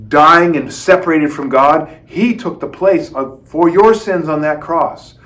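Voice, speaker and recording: A man with a fairly high voice tells a children's Bible story. He talks straight to the kids and acts out the quoted lines. His delivery is lively and expressive.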